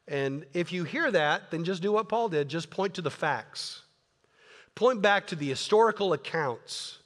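A man's voice: high voice, animated, a little slow, fairly bright tone, long reverb tail. A man pastor preaching a sermon in an earnest, conversational way, often repeating words. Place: church sanctuary.

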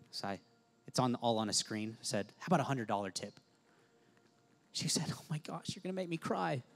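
A young man, a pastor, telling a story in a sermon, swinging from loud excited bursts to soft whispers. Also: medium pitch. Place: church service.

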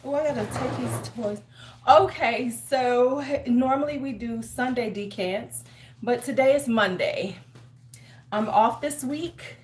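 A woman's voice: a little high, takes it slowly, a little hiss or hum. Chatty woman hosting a home livestream. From United States. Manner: chatty, greets viewers by name, talks to herself while busy. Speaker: beauty livestream host. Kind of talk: casual livestream chat. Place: home in winter.

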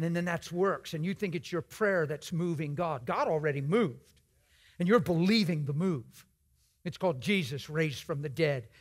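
High-voiced man preaching with wide swings. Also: slightly rough. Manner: swings from hushed whispers to loud shouted emphasis; acts out conversations in other voices. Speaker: guest preacher. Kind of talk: sermon. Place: church.

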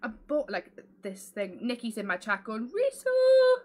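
A woman's voice: medium pitch, steady tone, moderate pace, fairly bright tone. A woman livestreaming a video game, chatting casually and giggling, calling people lovely. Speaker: gaming livestreamer.

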